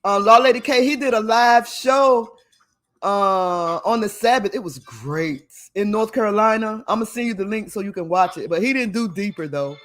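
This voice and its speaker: A woman's voice: medium pitch, expressive, normal speed, a bit bright. Emphatic laughing woman on a livestream. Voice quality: laughs often, emphatic and preachy. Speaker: livestream host. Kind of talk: casual livestream talk to viewers.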